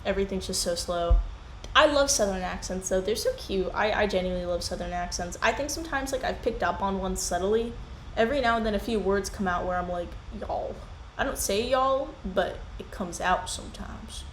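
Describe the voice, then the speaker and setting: A young woman in casual commentary chat, rambling and animated as she drifts from one tangent to the next. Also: mid-range voice, a little fast. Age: young adult. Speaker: commentary YouTuber. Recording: echoey room with faint hiss.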